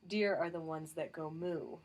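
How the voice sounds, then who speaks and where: A woman voicing a gentle, teasing young lord. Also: low voice, fairly even intonation, measured pace. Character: pale young nobleman, gentle and easily amused.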